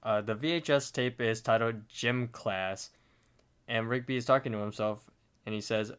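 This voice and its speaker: A male podcast co-host narrates a cartoon episode step by step, with casual fillers along the way. His voice is smooth and clear, at an average pitch. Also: moderate pace, fairly bright tone.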